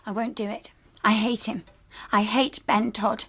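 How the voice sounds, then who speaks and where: An actress playing a bitter, rebellious young daughter in a radio drama, sarcastic and tearful by turns. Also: female voice, a little high, little pitch movement, unhurried, fairly bright tone, breathy edge, exaggerated voice. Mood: desperate. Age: young adult.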